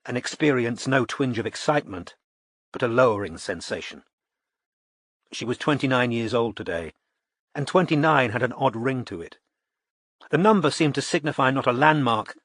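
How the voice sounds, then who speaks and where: A man reading a novel aloud as an audiobook narrator, in a measured, even storytelling manner. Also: medium pitch, no echo, clean studio sound. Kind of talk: scripted narration.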